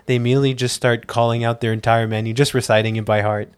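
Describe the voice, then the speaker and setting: Fast talking guy, mid voice, describing stuff in a rush. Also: medium pitch, level tone, clear, resonant tone. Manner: quick, descriptive storytelling. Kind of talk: casual chat.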